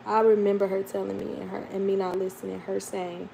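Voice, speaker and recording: Gravelly-voiced woman chatting on a livestream. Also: medium pitch, little pitch movement, a little fast, warm tone, slight background noise, low-quality recording. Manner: chatty, heartfelt, addresses viewers as y'all. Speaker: livestream host. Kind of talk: casual livestream chat.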